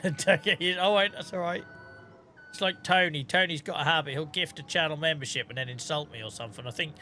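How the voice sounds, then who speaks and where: A man's voice: on the high side, a little fast, sharp tone, faint music behind. A man live-streaming a farming game, chatting casually, swearing, and thanking viewers by name.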